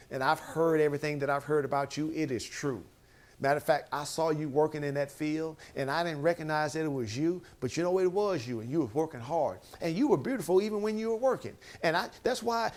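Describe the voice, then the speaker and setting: Guy preaching a pep talk, kinda high voice, acts out the bible folks, gets loud and emphatic. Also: moderate pace. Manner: animated, acts out quotes, rising to emphatic bursts; Bible storytelling with conversational asides. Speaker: speaker. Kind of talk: motivational sermon-style talk.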